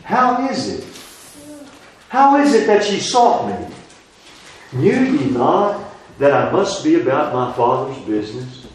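A man voicing the twelve-year-old boy Jesus, asking gentle, earnest questions in a slightly raised voice. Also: medium pitch, big pitch swings, takes it slowly, pauses often, a little hiss or hum. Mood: earnest questioning. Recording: echoey church room, distant mic.

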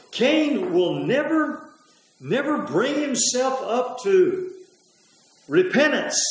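Male preacher, high and animated, emphatic repetition, booming hall echo. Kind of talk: sermon. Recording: very echoey hall.

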